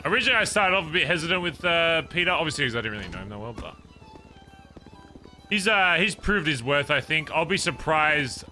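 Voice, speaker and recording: With soft music playing behind him, an English man chats to viewers while streaming a roleplay game, rambling, self-mocking and laughing at what he says. His voice is a little high, very animated and a little fast, with a bright, forceful tone.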